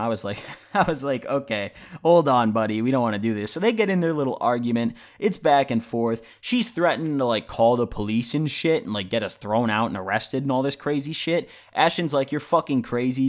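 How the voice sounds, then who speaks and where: A man telling a story for his vlog in a casual, rambling way, full of "like" and swearing. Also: medium pitch. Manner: rambling, heavy use of "like" and profanity. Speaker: vlogger.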